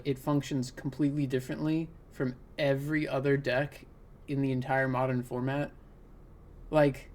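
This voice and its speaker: A man commenting on his own card game as he plays, thinking aloud and groaning at bad luck. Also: mid-range voice. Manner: talks through plays, exasperated, laughing groans. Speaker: gaming content creator. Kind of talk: live gameplay commentary.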